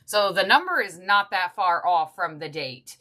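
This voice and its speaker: A woman's voice: on the low side, expressive, unhurried, bright, forceful tone. A woman giving a casual tarot reading, chatty and heartfelt, thinking aloud as she goes. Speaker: tarot reader.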